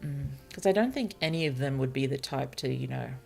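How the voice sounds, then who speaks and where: A woman streaming as a virtual author, thinking aloud about her novel in a hesitant, musing way, with many fillers and soft laughs. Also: a bass voice, lively intonation, brisk, vocal fry, faint music behind. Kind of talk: casual thinking-aloud livestream while writing.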